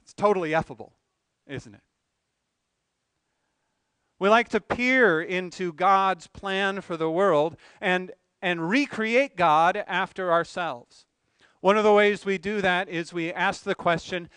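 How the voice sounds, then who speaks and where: High, smooth-voiced male preacher. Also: a little slow, fairly bright tone, no echo. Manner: earnest preaching with rhetorical questions and emphatic swells. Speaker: pastor. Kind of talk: sermon.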